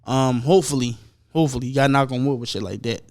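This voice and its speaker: A young man hosting a podcast, ranting casually and profanely about football, rambling and mimicking people in quick asides. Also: medium pitch, darkish tone. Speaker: podcast host. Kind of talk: casual sports rant.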